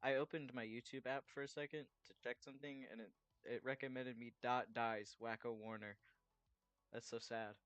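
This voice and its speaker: A man's voice: medium pitch, fairly even intonation, moderate pace, fairly bright tone, smooth, no echo. A man chatting casually while he draws commissions, rambling and swearing freely. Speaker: artist drawing commissions. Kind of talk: casual chat while drawing.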